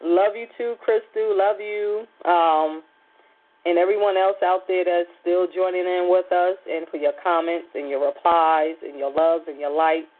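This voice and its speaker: A woman's voice: on the low side, steady tone, measured pace. A woman hosting a radio talk show, telling a personal story in a rambling, chatty way with many fillers. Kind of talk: casual chat. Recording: phone-like lo-fi radio line.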